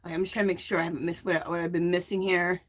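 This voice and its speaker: A middle-aged woman hosting a livestream, telling a rambling story in a casual, animated way. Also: lowish voice, racing. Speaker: livestream host.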